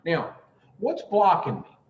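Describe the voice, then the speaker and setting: A man teaching the twelve steps of recovery to a group, emphatic and blunt, with long pauses and the odd curse. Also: sits high, wildly swooping pitch, darkish tone. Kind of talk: informal recovery talk to a group. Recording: roomy, distant, dull lo-fi sound.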